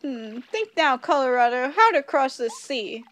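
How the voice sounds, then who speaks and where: A woman's voice: high-pitched, big pitch swings, measured pace, fairly bright tone, heavily acted. A woman reading aloud the lines of a pompous male adventurer and archaeologist from a game, in grand, old-fashioned phrasing.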